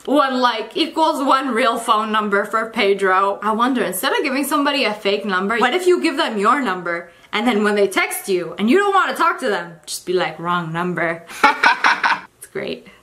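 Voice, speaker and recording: A young woman with a bright, high voice hosts a reaction show. She comments casually and sarcastically on funny text messages, and her pitch swings widely. Faint music plays underneath. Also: lively intonation, a little fast, few pauses. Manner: playful and sarcastic, slips into mock voices.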